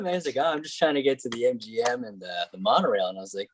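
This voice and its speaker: A man's voice: mid-range voice, rapid-fire, slight background noise, poor audio. A man co-hosting a podcast in casual chat, recounting a story hesitantly, with many fillers and acted-out quotes. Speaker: podcast co-host.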